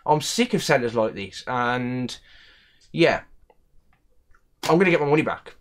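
A man's voice: mid-range voice, expressive, measured pace, a little hiss or hum. A young man with a West Midlands English accent, an electronics repair technician ranting in a casual vlog, annoyed and repeating himself. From England.

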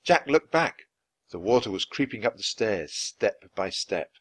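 A man reading a children's book aloud, clear and expressive, at an easy pace for learners. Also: fairly low pitch, a little slow, no room sound. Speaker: storybook reader.

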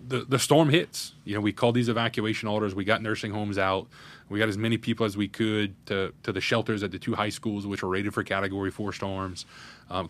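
A man, a parish president telling a candid, earnest story in an interview. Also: fairly low pitch. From Louisiana, USA. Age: 30s. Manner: earnest, candid, recounting a crisis in detail. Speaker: parish president, podcast guest.

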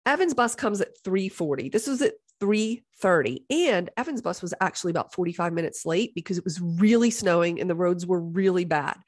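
A middle-aged woman hosting a podcast, telling a story in a casual, animated way, exasperated and joking, often slipping into the voices of others. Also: fairly low pitch, fairly quick, hardly any pauses. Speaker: podcast host.

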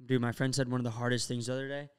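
Fast-talking, smooth young man. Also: medium pitch, little pitch movement. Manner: rambling storyteller, acts out quotes. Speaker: podcast co-host. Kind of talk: casual chat.

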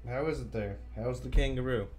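A man's voice: mid-range voice, fairly quick, a little mellow, slight background noise. A man streaming a video game, chatting playfully and answering his viewers' chat as he plays. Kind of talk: casual live-stream chat.

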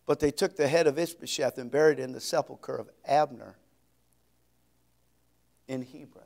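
A male pastor preaching an expository sermon, reading scripture slowly with heavy emphasis and dropping folksy asides. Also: medium pitch, creaky, darkish tone.

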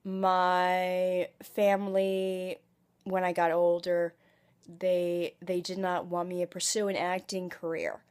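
Slow, halting woman vlogger with a cold. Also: on the low side, little pitch movement, darkish tone. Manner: halting, full of ums, likes and restarts. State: has a cold. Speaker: vlogger and aspiring comic actress. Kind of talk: casual home vlog monologue.

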